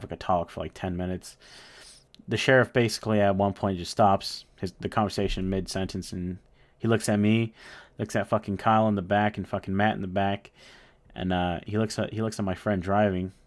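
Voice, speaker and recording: A man's voice: deep voice, steady tone, fairly quick. A young man casually telling a story, rambling and swearing with lots of fillers. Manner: rambling, profane, full of fillers.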